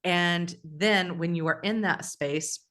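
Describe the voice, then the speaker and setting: A woman's voice: on the low side, slow, fairly bright tone. A woman co-hosting a casual spiritual podcast, talking in a reflective, storytelling way with frequent restarts. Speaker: podcast co-host.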